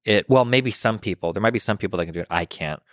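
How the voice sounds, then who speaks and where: Low voiced guy talking real fast, lots of restarts and likes. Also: fairly bright tone, dry recording, clean studio sound. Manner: fast, rambling, many restarts and fillers. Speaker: podcast guest, political commentator. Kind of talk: casual conversation.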